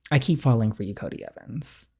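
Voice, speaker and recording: A reader voicing a heartbroken teenage girl confessing love, in a soft, hesitant, pleading way, reading a story game aloud. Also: medium pitch, brisk, husky.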